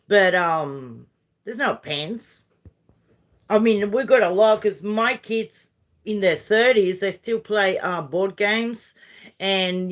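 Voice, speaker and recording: Slow-talking Uruguayan woman ranting casually. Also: medium pitch. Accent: Uruguayan Spanish. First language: Spanish. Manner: chatty, rambling, Aussie slang and swearing. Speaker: vlogger. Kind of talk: casual rambling rant.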